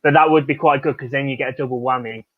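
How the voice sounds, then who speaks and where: A man's voice: medium pitch, fairly even intonation, fast talker, dry recording. Jokey young man, muffled sound. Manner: jokey, self-mocking. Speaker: co-host. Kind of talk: casual chat.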